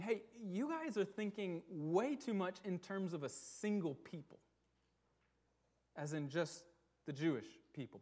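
A pastor with a high, slightly mellow voice preaches to his congregation. He is earnest and emphatic, drawing out key words and posing rhetorical questions.

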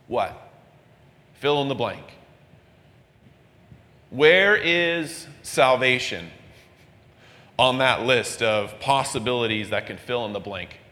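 A male pastor delivers a midweek sermon in an earnest, conversational way, sometimes lifting his voice to act out the people he quotes. His voice sits in a middle register. A long reverb trails behind his words, as in a large church. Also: a bit bright. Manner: earnest preaching, acting out quoted voices with rising pitch.

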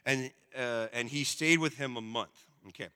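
A man preaching a sermon in a casual, animated storytelling way, with slang and asides. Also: mid-range voice, moderate pace, smooth. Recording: long reverb.

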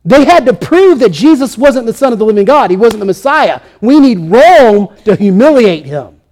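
A man's voice: extremely high pitch, very animated, moderate pace, a little mellow, slight background noise. A man preaching a sermon, emphatic, acting out the voices he quotes. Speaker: pastor.

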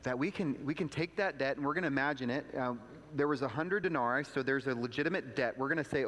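A man preaching a sermon as pastor, telling a story conversationally with asides and rising pitch for emphasis. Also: quick pace, few pauses, a bit bright. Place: church sanctuary. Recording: long hall reverb.

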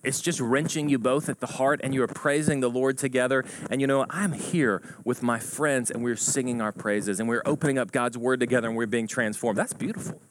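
A man's voice: medium pitch, brisk, hardly any pauses, a little hiss or hum, rough recording. A man preaching a sermon, telling stories and acting out a joke in rising voices. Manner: animated storytelling, acts out a joke in rising voices. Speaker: pastor.

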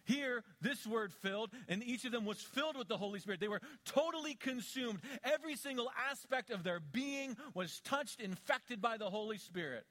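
A middle-aged male pastor preaching a sermon, swinging between quiet low asides and loud emphatic peaks. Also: animated, normal speed, few pauses.

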